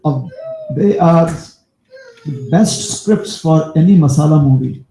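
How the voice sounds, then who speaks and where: A male preacher telling a devotional story in a sermon, as an animated storyteller who turns aside to talk to his listeners. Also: on the high side, takes it slowly, gravelly. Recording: echoey room.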